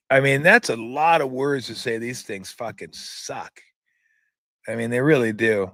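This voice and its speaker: A man's voice: mid-range voice, measured pace, fairly bright tone, no echo, studio quality. A man hosting his own show, ranting in casual talk, sarcastic and swearing freely as he mocks what he reads aloud. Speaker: show host. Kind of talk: casual profane rant.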